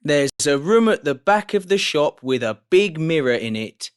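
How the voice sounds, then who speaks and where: Woman doing a helpful shopkeeper man, smooth, lively pitch, slow storybook reading.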